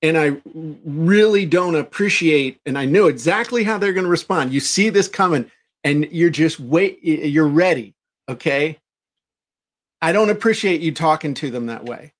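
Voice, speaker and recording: Male co-host, lively storyteller who acts out quoted people, stumbles over restarts, slightly raised pitch. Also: normal speed. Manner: frequent restarts and repeated words. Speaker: podcast co-host. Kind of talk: casual business chat.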